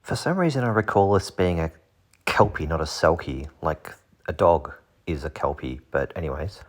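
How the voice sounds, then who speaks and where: A man's voice: a bass voice, animated, normal speed. A man casually talking through fantasy monster art, joking and making puns along the way. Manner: jokey, punning, self-deprecating. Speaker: channel host.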